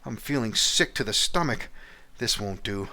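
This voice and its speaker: A man's voice: on the low side, lively intonation, normal speed, sharp tone, full character voice. A man voicing a fussy, melodramatic theatre director who is exasperated with his actors.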